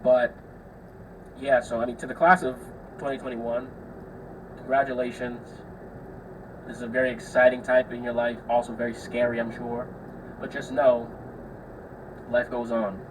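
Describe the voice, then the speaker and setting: A man's voice: medium pitch, little pitch movement, normal speed, long pauses, recorded from a distance, noisy background. Chatty young man, slightly off-mic. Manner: chatty, swears freely, acts out the people in his stories. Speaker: podcast host. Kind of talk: casual solo storytelling.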